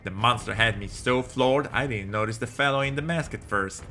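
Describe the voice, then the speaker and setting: A man's voice: medium pitch, moderate pace, sharp tone, soft background music, lightly acted. A man voicing a plucky young male soldier with a put-on Southern US accent, reading game dialogue aloud in a folksy drawl with homespun sayings. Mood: earnest.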